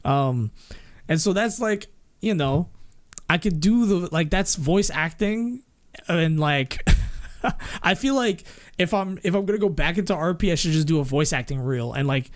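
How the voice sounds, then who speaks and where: A male streamer chatting casually, rambling and cursing, breaking into laughs now and then. His voice is fairly high for a man, and the sound is dry and close. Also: lively intonation, measured pace, no echo. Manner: rambling, swearing, often laughing.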